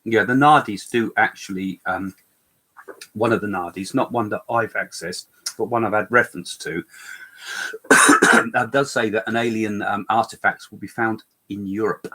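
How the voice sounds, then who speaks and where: A man's voice: lowish voice, steady tone, normal speed, sharp tone. An older man co-hosting a live chat, talking in a rambling way with many fillers and restarts, with a slight cough. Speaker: co-host medium.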